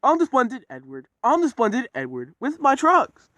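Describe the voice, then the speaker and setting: Excitable, boastful male engine, high and lively, as a man puts him on. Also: normal speed, no echo, heavily acted. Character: proud cocky male steam engine.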